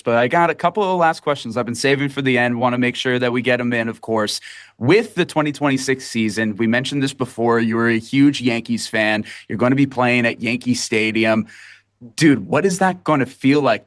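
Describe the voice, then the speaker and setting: A man's voice: mid-range voice, a bit bright, no room sound. A man hosting a casual interview podcast, enthusiastic and friendly, calling his guest "dude". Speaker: podcast host.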